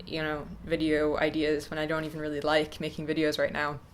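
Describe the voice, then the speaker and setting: A young woman in her twenties talking to camera off the cuff, hesitant and reflective, with many pauses and restarts. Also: low voice, completely flat delivery, slight background noise. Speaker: YouTuber. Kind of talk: casual unscripted talk to camera.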